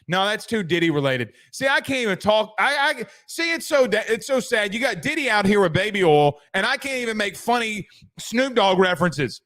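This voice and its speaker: A man's voice: high voice, big pitch swings, normal speed, fairly bright tone. A man hosting a casual sports commentary show, rambling and joking. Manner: rambling, joking, trails off into asides.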